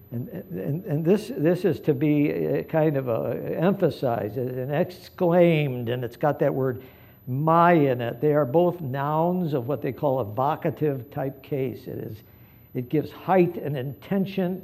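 A man preaching a live sermon, earnest and pleading, moving between hushed passages and emphatic ones. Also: mid-range voice, creaky, husky. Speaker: pastor.

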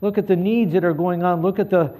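A man preaching a live sermon, earnest and pleading, moving between hushed passages and emphatic ones. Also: high-pitched, fairly even intonation, fairly quick. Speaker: pastor.

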